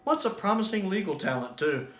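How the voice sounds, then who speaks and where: A man's voice: sits high, very animated, a little fast, voice pushed up. A man reading out the lines of a sly, impish older male time traveler, playing them mock-innocent. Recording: roomy echo.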